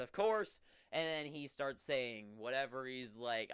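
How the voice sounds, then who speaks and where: A young man hosting a wrestling recap, talking in a casual, rambling, offhand way with sudden excited bursts. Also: fairly high pitch, unhurried, clean tone, dry recording, studio quality.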